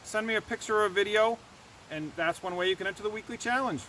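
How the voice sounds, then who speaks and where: A man's voice: high voice, fast talker, a little hiss or hum, poor audio. A man, a teacher, reading a picture book aloud to children outdoors and asking them questions as he goes. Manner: animated, asks children questions.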